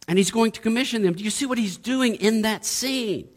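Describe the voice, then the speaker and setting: A middle-aged male pastor delivers a sermon in a slightly raised voice. He piles up rhetorical questions and lifts into emphatic high points. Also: fairly quick.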